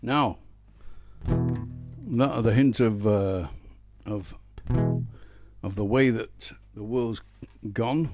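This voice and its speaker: A middle-aged singer-songwriter from the Manchester area of England, with a Northern English accent, chats casually between songs on a live home stream, with music playing underneath. His fairly low voice is very slow and pauses often. He's a blunt, rambling storyteller with dry humor, many fillers and restarts.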